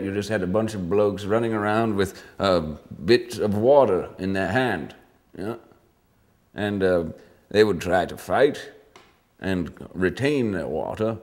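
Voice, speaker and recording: An actor playing a pompous, rambling old British army sergeant in a mock interview, with a British accent. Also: male voice, sits low, measured pace, darkish tone.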